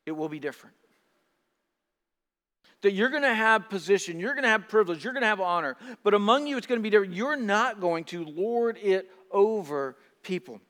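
A male pastor preaching a sermon in a lively way. He repeats words and acts out the voices of the people he quotes. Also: sits high, brisk, in a large hall.

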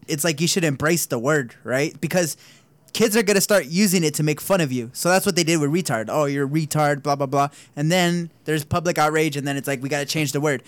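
Higher-voiced man, dry sound. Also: dry recording. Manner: casual, swears, stammers at starts. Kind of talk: casual podcast chat.

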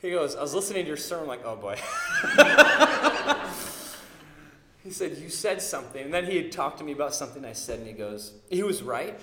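A man in his thirties preaching a sermon, telling family stories with lively acted-out quotes. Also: fairly high pitch, normal speed, long pauses, echoey room, a crowd in the background. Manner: animated storytelling, acting out quotes. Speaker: pastor.

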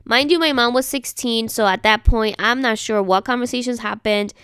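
A woman with a remarkably smooth, resonant voice speaks in a casual solo monologue. She is chatty and keeps checking in with her listener. She explains things patiently, and the sound is dry and close. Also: a little high, moderate pace, a bit bright, no echo. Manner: explains patiently, spelling words out.

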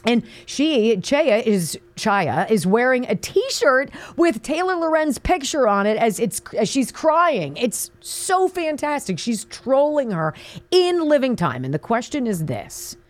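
A woman's voice: high voice, sing-song, a little slow. A woman in her fifties hosting an opinion talk show, delivering a sarcastic, emphatic monologue with mocking asides.

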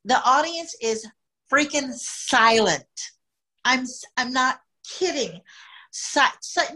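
A woman's voice: a little high, pushed and bright, poor audio. A woman, a podcast guest, telling a travel story with lots of expression, often laughing and acting out quotes. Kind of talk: animated storytelling.

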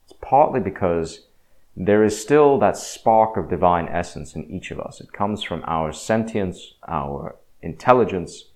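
A man's voice: low-pitched, animated, unhurried, darkish tone. A man talking casually and frankly about faith and death, rambling with frequent restarts. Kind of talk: casual religious reflection.

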